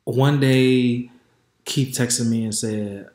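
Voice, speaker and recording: A man's voice: medium pitch, steady tone, very slow, a little mellow. A man speaks with frank, chatty candor, turning often to address his listeners as he tells a personal story. His voice sits in the middle of the male range. The recording carries a noticeable room echo. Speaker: podcast host. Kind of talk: candid storytime monologue.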